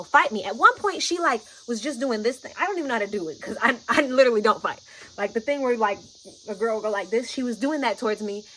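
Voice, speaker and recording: A woman vlogger casually telling a personal story to camera, soft and soothing when she quotes herself, rising sharply at shocking moments. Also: on the high side, slight background noise, low-quality recording.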